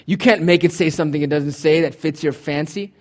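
A man's voice: a little high, a little fast. A man preaching a sermon, teaching from Greek words with emphatic, swinging delivery and touches of humor. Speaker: pastor.

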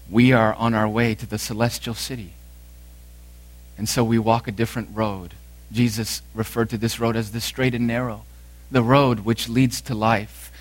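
A man preaching a sermon, emphatic, repeating lines for force, swinging from loud to hushed. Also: medium pitch, dry recording. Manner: emphatic preaching with dramatic swings in loudness and repetition. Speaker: pastor.

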